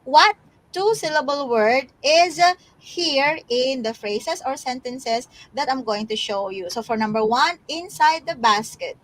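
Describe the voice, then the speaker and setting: Filipino woman, online tutor, high voice, filler-heavy. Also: expressive, measured pace, fairly bright tone. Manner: reads out learners' names, many fillers. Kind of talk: live online lesson.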